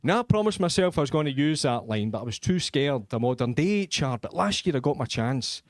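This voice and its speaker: A man's voice: medium pitch, animated, brisk, no echo. A man doing crude, self-mocking live stand-up comedy in a comedy club.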